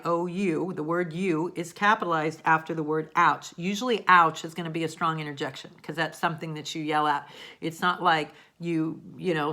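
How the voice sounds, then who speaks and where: A woman teaching a grammar lesson, explaining patiently step by step and checking in often. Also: low voice. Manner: acts out example sentences with lively emphasis.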